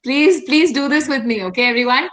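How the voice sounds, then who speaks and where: A woman's voice: sits high, fairly quick, a bit bright, rough recording. Engaging Indian English woman leading a workshop. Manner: engaging, asks the audience frequent questions. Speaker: workshop speaker. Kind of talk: interactive online workshop session. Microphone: video call.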